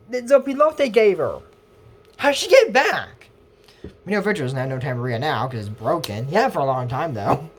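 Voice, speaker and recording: A man's voice: high voice, slight background noise. A man casually retelling a cartoon episode, with lots of restarts and fillers and little asides to his viewers. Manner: rambling retelling with fillers and restarts, half-acts quotes. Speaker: YouTube episode recapper.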